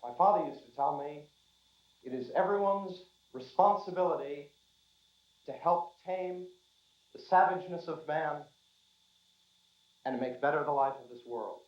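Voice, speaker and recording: Earnest candidate speech, played by a man, slightly high, echoey hall, muffled. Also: a little slow, pauses often, natural voice. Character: candidate giving a campaign speech. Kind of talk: formal public speech. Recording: echoey dull speech audio.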